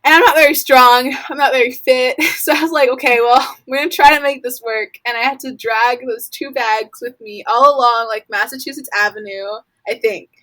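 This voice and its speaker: A woman's voice: high-pitched, fairly even intonation, a little fast, few pauses, a bit bright, rough recording. A young woman from Florida telling a long story casually, rambling and filling her speech with "like" while acting out her own reactions. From Florida, USA. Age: young adult. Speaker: college student guest.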